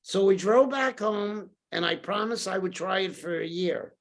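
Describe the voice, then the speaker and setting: At normal speed, this older New Yorker speaks in a creaky voice that sits high. He's telling stories as a podcast guest in a relaxed interview, bringing quoted dialogue to life with lively performance.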